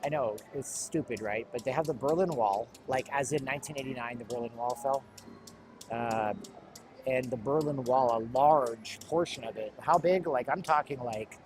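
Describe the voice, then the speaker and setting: A man's voice: mid-range voice, moderate pace. Man, middle-aged, chatty walking livestream, rambling jokes, noisy background. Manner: chatty, rambling, jokey asides. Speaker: livestream host.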